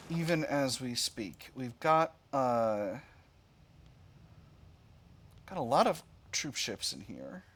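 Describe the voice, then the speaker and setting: A man's voice: fairly bright tone, slight background noise. A man giving casual commentary while playing a strategy game, musing aloud with playful asides. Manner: musing, playful asides, sudden high squeals of delight. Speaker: strategy game let's-player. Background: game music.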